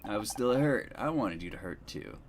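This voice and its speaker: A man voicing a smarmy adult ex-husband who talks in a low, smooth, wheedling way. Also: expressive, normal speed, noisy background. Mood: contrite.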